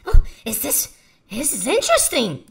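A man voicing a small, excitable male alien scientist who squeals and repeats himself giddily. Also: extremely high pitch, moderate pace, creaky, breathy edge, voice pushed up, heavily acted. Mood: excited.

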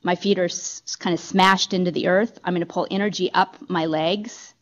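A woman's voice: fairly low pitch, steady tone, normal speed, dull audio. A woman teaching yoga in a company talk room, giving upbeat step-by-step instructions into a handheld microphone.

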